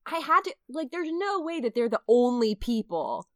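A woman co-hosting a casual podcast, expressive and quick to laugh. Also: on the high side, no room sound, clean studio sound. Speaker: podcast co-host. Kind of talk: casual movie discussion.

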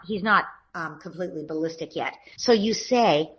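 Calm husky woman explaining parenting. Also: lowish voice, normal speed, few pauses, poor audio. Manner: calm, gentle, instructive. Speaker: parenting author guest. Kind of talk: explanatory interview talk.

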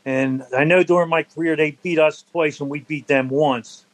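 An older man, a former football center, telling stories from his playing days in a relaxed interview, laughing now and then. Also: a little high, moderate pace, poor audio. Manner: animated anecdotal storyteller, laughs between stories. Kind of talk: storytelling in a conversational interview.

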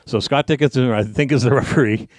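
A man, a wrestling guest, telling a story in casual talk, cursing freely and acting out his shouting. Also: mid-range voice, fast talker, no echo. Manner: profane, animated, acts out yelling.

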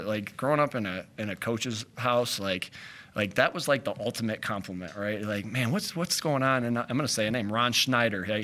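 A man's voice: mid-range voice, a bit bright. A man, a head coach, answering questions at a postgame press conference, rambling with frequent restarts and fillers.

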